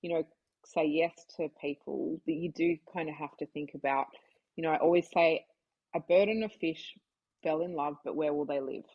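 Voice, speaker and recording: A woman's voice: low-pitched, steady tone, normal speed, muffled recording. An Australian woman, a vet, chatting as a podcast guest in a rambling way full of asides. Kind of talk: casual chat.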